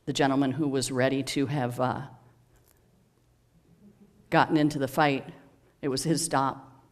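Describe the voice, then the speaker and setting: Minister, sermon storytelling, very slow pace, measured, dramatic pauses, mid pitch. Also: steady tone.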